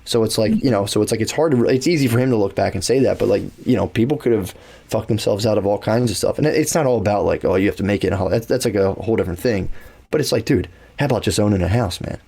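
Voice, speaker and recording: A man's voice: fairly low pitch, quick pace, vocal fry, mellow, slightly rough. A man co-hosting a podcast, telling stories in a rambling, casual way with lots of swearing and filler words. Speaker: podcast co-host. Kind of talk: casual conversational storytelling.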